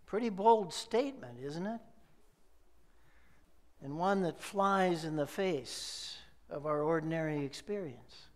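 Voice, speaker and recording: A middle-aged male pastor delivering a sermon in a slow, measured preaching manner with emphatic repeated phrases. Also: on the high side, animated.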